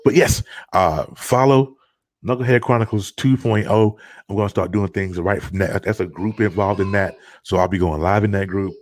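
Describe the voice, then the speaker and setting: A man with a low-sitting voice hosts a casual live stream from his home, where a child is heard nearby. Middle-aged and speaking at a moderate pace, he rambles with lots of fillers and restarts, and the studio-quality sound has no echo.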